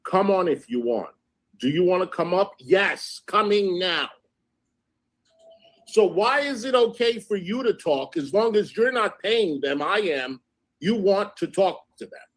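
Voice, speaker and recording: A man's voice: high-pitched, very animated, normal speed. A man hosting a livestream, casually recounting and reading out text messages in an indignant tone. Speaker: livestream host.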